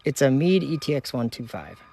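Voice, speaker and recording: A man's voice: mid-range voice, big pitch swings, brisk, vocal fry, a little mellow. Chatty Minnesota man streaming outdoors. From United States (Minnesota). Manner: chatty, reads viewer comments aloud, laughs easily. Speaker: livestream host. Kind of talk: casual live-stream chat with viewers. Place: outdoors at night by a telescope. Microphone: phone.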